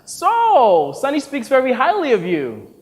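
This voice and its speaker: A man's voice: very high voice, wildly swooping pitch, unhurried, long reverb tail, voice pushed up, exaggerated voice. A man voicing an eager, chatty white male film director. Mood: curious. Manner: upbeat, enthusiastic, chatty.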